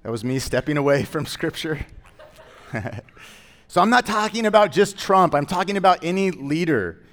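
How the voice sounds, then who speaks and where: A man's voice: fairly high pitch, lively intonation, moderate pace, a bit bright. A man pastor preaching a sermon in a conversational way, with joking asides that rise into emphatic declarations.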